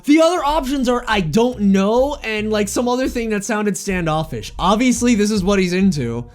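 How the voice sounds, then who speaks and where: Woman streamer, lively pitch, chatty and giggly, soft music under her. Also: moderate pace. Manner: chatty and giggly, swears lightly. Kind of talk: casual game commentary.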